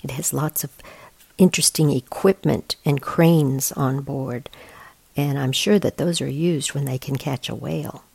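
A woman reading a picture book aloud in a gentle, explanatory way, describing each picture. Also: rumbling low, measured pace, vocal fry, husky, no echo. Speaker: storyteller.

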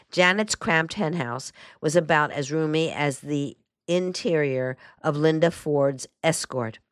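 Low-voiced woman narrating a memoir. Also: no echo, studio quality. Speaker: audiobook narrator.

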